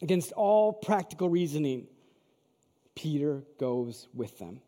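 A man's voice: on the high side, lively intonation, a little slow, mellow. A man preaching a sermon, telling a story in a conversational way and asking the audience questions. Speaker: pastor. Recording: long hall reverb.

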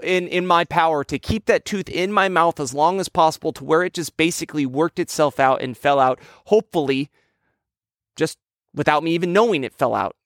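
A man preaching a sermon, telling a childhood story in a lively, conversational way. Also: fairly high pitch, vocal fry, no echo, clean studio sound. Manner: storytelling, animated with childhood anecdotes. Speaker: pastor.

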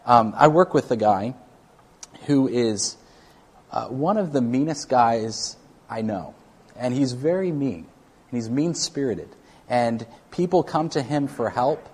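A man's voice: medium pitch, animated, slow pace, a little mellow, husky. A man preaching a sermon to a congregation, talking in a loose, conversational way with frequent restarts. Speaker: pastor.

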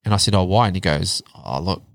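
Thirties New man, low-pitched and candid, swears casually, dry close mic. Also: very fast, no room sound. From New Zealand. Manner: candid storytelling, swears freely, drops to a low murmur on hard parts. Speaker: guest. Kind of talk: casual chat.

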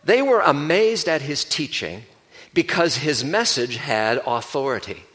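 A male pastor giving a sermon, explaining a Bible passage in a measured, teaching manner. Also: on the high side, animated, a bit bright.

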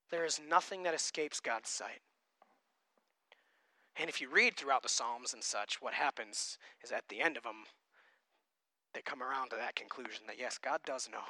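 A man preaching a sermon and reading scripture, emphatic, swinging between loud passages and quiet ones. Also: mid-range voice, normal speed, long pauses, no room sound. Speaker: pastor.

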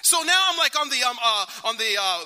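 A man preaching a sermon, telling a story animatedly, swinging between loud bursts and hushed asides. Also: very high voice, lively intonation, brisk. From Africa. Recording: reverberant hall.

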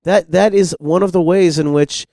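A man's voice: sits high, steady tone, normal speed, creaky, warm tone, dry recording, studio quality. A middle-aged man hosting a radio discussion, impassioned and insistent, repeating words when worked up. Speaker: radio host.

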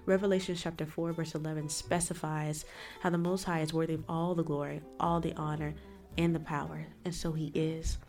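A woman's voice: low-pitched, flat delivery, a little fast, a little mellow, soft background music. Emphatic woman preaching on her podcast. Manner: emphatic, preachy, asks and answers her own questions. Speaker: podcast host. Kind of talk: solo faith podcast talk.

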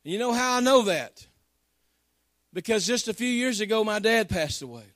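Fervent high-voiced male preacher. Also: expressive, moderate pace, fairly bright tone, dry recording, clean studio sound. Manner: fervent, Southern-tinged folksy preaching with call-outs to the congregation. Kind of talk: sermon.

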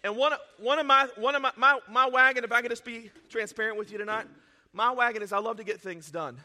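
Pastor guy preaching, emotional, goes quiet then loud, kind of a high voice. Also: fast. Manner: emotional, swings from quiet to shouting; self-deprecating, laughs at himself. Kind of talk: sermon.

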